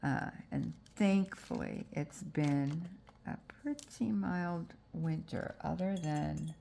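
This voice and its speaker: A woman's voice: sits low, slow pace, gravelly, dark tone, a little hiss or hum. A woman with a stuffy, congested voice from allergies, chatting casually through a crafting tutorial with frequent fillers. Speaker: junk journal crafter.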